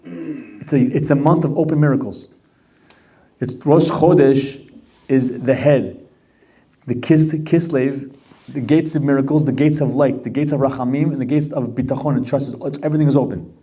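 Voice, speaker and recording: A man's voice: mid-range voice, moderate pace, dark tone, recorded from a distance. A man giving a Torah class with storytelling, earnest and repeating words for emphasis.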